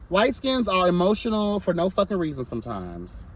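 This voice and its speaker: A man's voice: sits high, huge pitch swings, moderate pace, few pauses. A young man reviewing a reality show in a casual vlog, sassy and blunt, breaking into mocking impressions.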